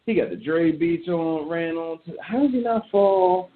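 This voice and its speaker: A man hosting a show, ranting in casual commentary in a blunt, animated way and swearing often. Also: on the high side, unhurried. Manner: animated, blunt and profane, reacting aloud. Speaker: show host. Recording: tinny phone-like sound.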